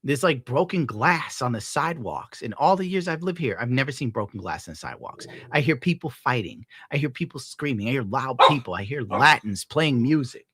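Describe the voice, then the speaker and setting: A man ranting casually on his stream at home, swearing, laughing often and scolding his dog loudly between points. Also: mid-range voice, expressive, fairly quick, few pauses, husky. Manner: profane, rambling, laughs often. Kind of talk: casual rant on a live stream.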